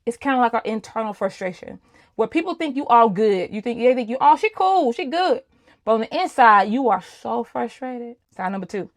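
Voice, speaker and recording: A woman's voice: fairly high pitch, a little fast. A woman in her thirties giving a candid, personal faith talk to other women, speaking casually and addressing listeners as y'all. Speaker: host.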